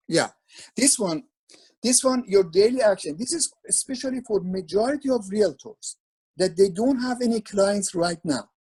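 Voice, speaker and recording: A man's voice: high voice, a little mellow, breathy edge, rough recording. A man speaking as a webinar presenter over a video call, instructing in an earnest, repetitive way with frequent restarts.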